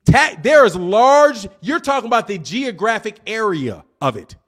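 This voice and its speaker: A man hosting a casual livestream, talking fast and teasing his chat in a cocky, rambling way. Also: sits high, sing-song. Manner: fast, rambling, with restarts and laughs. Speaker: livestream host.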